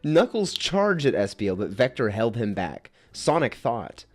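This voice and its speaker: A man's voice: medium pitch, sing-song, measured pace, soft background music. A man narrating a silly fan story aloud, giggling and stumbling over words. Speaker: narrator and creator. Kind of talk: comic reading of a fan story.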